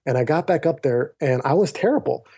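Man telling his story, mellow voice. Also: medium pitch, brisk, breathy edge. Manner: animated storyteller who acts out quoted dialogue; often addresses the host by name mid-sentence. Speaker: podcast guest. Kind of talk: personal storytelling in conversation. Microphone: remote call.

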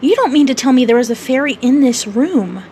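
Genteel young girl in a storybook reading: eager, breathless, pitched high, voiced by a woman. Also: very animated, moderate pace, a little hiss or hum. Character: admiring, excitable well-bred young girl.

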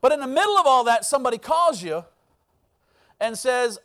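A man's voice: very high-pitched, big pitch swings, normal speed, pauses often, a bit bright. A man preaching a sermon as pastor, telling a personal story and acting out the voices in it. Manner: storytelling, acts out quoted voices.

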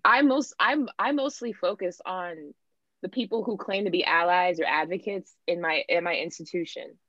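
A woman's voice: on the low side, moderate pace, fairly bright tone, dry recording. A young woman candidly telling a long personal story in casual chat, often acting out what people said. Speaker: student sharing her experience. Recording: dull lo-fi dry sound.

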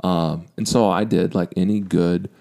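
Deep gravelly man telling a story. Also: fairly even intonation, measured pace. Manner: candid, self-deprecating, drops to a quiet reflective tone. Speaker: podcast co-host. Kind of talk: casual storytelling.

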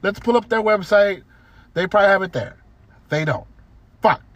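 A man co-hosting a podcast in casual chat, telling a story in a profane, animated way and mocking the people in it. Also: high voice, normal speed. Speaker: podcast co-host.

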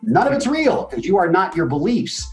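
Forties guy on a podcast, talks big and emphatic, swings loud then quiet, faint music under him. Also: high-pitched, moderate pace. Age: 40s. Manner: animated, emphatic storytelling with swings in energy. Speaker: guest. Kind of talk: motivational interview talk.

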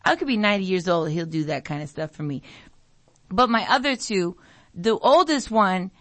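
A woman's voice: normal speed, no room sound. A middle-aged American woman hosting a talk radio show, rambling through a story, mimicking family members, and sniffling from allergies. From United States. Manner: animated storytelling, mimics family voices, jumps pitch for emphasis. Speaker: radio show host, nurse.

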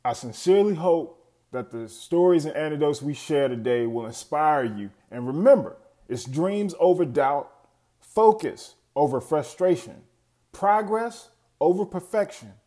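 An energetic man delivers a short podcast promo in a fairly high voice. He reads crisp slogans with punch. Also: measured pace. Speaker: podcast host giving a promo. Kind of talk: recorded promo.

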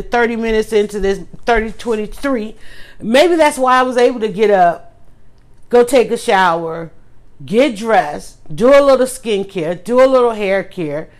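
A middle-aged woman blogger talking casually to her audience, emphatic and ranting with rising outbursts. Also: on the high side. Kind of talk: casual monologue vlog.

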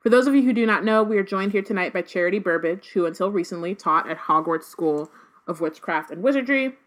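Cold dark wizard lord, as a woman reads him. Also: mid-range voice, lively intonation, brisk, close to an everyday voice. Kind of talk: reading a novel passage aloud.

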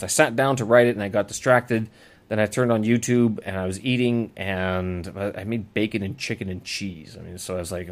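A podcast host living abroad as an expat runs a casual solo audio blog, talking off the cuff with lots of fillers and restarts. His voice is on the low side and moves at a quick pace.

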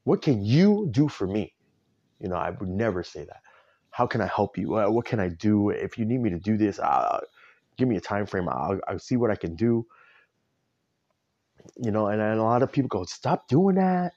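Man, low voice, candid emotional vlog vent, tearful, halting and rambling, muffled lo-fi audio. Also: darkish tone. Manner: rambling, self-interrupting, candid. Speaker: vlogger. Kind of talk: personal emotional vent to camera.

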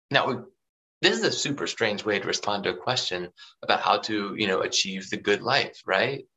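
A man's voice: lowish voice, bright, forceful tone, low-quality recording. A man preaching a sermon in a loose, conversational way, often checking in with the listener. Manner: conversational, full of fillers like "you know" and "right".

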